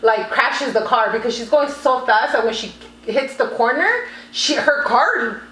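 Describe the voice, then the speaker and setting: A woman's voice: a little high, unhurried, a bit bright. A young woman, animatedly telling a story on a podcast, swearing and switching between English and Spanish. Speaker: podcast co-host. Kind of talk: casual storytelling chat. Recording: echoey room.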